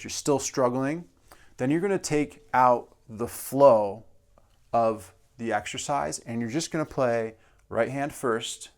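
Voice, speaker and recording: A man's voice: medium pitch, heavy background noise. A male drum teacher explaining a practice exercise step by step and counting beats aloud. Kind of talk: instructional demonstration.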